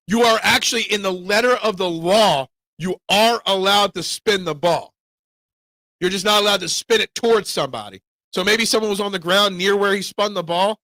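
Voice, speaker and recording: A man hosting a live sports talk show, giving opinionated, excitable fan takes and answering chat. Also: high voice, fairly quick, no room sound.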